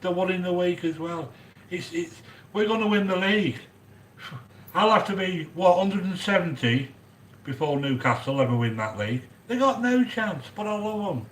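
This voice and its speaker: Excitable rambling man in an echoey kitchen. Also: high-pitched, normal speed. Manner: rambling, excitable, answers viewers by name. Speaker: cooking video host. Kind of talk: chatty cooking livestream monologue. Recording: echoey room with faint background noise.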